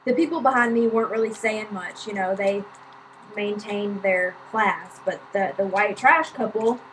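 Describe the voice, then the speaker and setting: A woman's voice: mid-range voice, normal speed, fairly bright tone, slight background noise, low-quality recording. A woman vlogger telling a story in a chatty, casual way, with lots of fillers and swearing.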